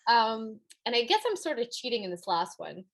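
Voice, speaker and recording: A woman's voice: on the high side, very animated, normal speed, creaky. A woman in her thirties, a guest on a podcast, talking in an earnest, sentimental, casual way. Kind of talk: casual interview chat.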